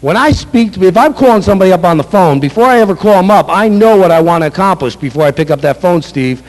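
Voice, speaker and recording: In an echoey hall with a long reverb, a male sales trainer gives a motivational seminar talk. His high-pitched voice is fast, a little mellow, and lively in intonation as he speaks emphatically, repeats key points, and acts out sample sales calls.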